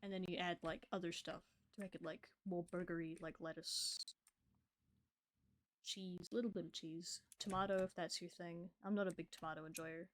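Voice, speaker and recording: A woman's voice: fairly low pitch, steady tone, moderate pace. A woman streaming a game, chatting casually and talking to the creatures on screen. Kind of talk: casual gameplay chat.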